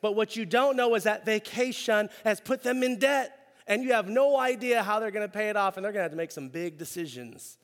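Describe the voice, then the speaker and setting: A man in his thirties preaching a sermon as pastor, conversational and energetic, acting out little quotes as he goes. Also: high voice, a little fast. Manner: energetic, conversational, acts out quotes with rising excitement. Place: church sanctuary. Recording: long reverb of a church hall.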